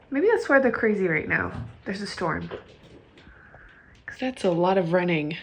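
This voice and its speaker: A woman's voice: fairly low pitch, expressive, moderate pace, pauses often, a little hiss or hum. A young woman vlogging at home, bluntly ranting about a book and cooing at her kittens. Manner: cooing baby talk to kittens. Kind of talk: casual vlog chat.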